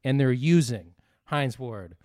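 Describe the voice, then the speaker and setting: A man's voice: mid-range voice, slow. A man co-hosting a podcast, a stand-up comedian telling stories in casual chat. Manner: lively, storytelling, laughs often.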